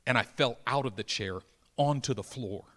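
A middle-aged man preaching a sermon through a personal story, swinging from loud exclamations to hushed near-whispers. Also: mid-range voice, moderate pace.

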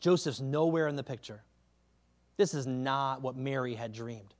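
A man preaching a sermon in a conversational way, often checking in with the listeners and dropping to a hush on key words. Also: medium pitch, normal speed. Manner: conversational, keeps asking the crowd "right?"; drops to a quiet, hushed delivery on key words. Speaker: pastor.

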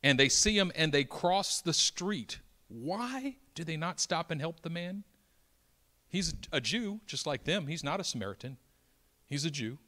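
A man preaching a dramatic sermon, swinging from hushed lines to loud, building emphasis and acting out the voices of Bible characters. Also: on the high side, expressive, unhurried. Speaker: pastor.

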